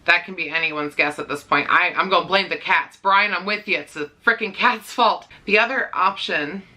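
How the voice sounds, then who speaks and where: Bright-voiced woman vlogging candidly. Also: fairly low pitch. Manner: candid and rambling, with worried pauses and nervous laughs. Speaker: dog-care vlogger. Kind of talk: casual vlog talk to camera.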